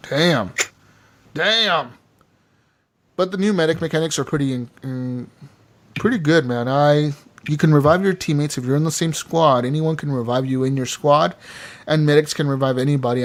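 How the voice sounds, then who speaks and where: A man co-hosting a gaming podcast, chatting casually and excitedly, swearing freely and calling people "dude" and "man.". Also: mid-range voice, fairly quick. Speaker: podcast co-host.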